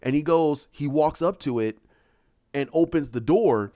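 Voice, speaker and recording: A man's voice: fairly high pitch, a little slow, mellow, dry recording, dull audio. A man hosting a podcast, recapping a film casually and acting out scenes with many restarts. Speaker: podcast host.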